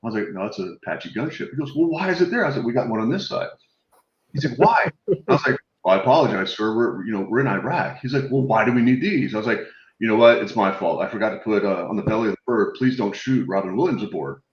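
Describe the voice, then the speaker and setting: A man on a video call telling animated, swear-laced anecdotes in a casual chat, acting out the voices of the people in his stories. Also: on the low side, fast, reverberant, muffled recording. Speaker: guest telling war stories.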